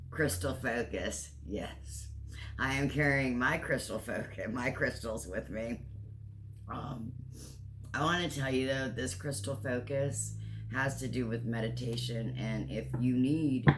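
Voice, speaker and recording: With a medium-pitched, slightly bright voice and some slight background noise, a tarot reader in his sixties delivers a spiritual card reading. He's earnest and encouraging, emotional to the point of tears at times, and frequently repeats or restarts his phrases.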